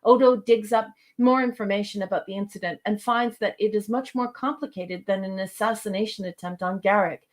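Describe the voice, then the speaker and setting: A woman's voice: medium pitch, a little fast, hardly any pauses. A woman co-hosting a podcast, talking affectionately and reading a summary aloud with many hesitations and ums. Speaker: podcast co-host. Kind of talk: casual chat, cold reading a summary.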